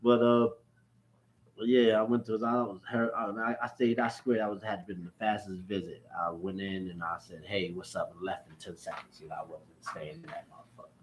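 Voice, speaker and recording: Here the vlogger's fairly low voice runs a little fast as he rants to the camera, swearing, repeating himself, and jumping from subject to subject. The room echoes and there's a faint hum of background noise.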